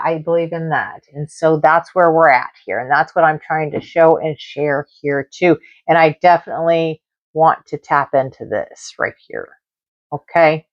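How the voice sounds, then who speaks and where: A woman's voice: sits low, no echo. A woman hosting a live-stream tarot reading, rambling and emotional, with many fillers and repeated words. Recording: dull lo-fi live-stream audio.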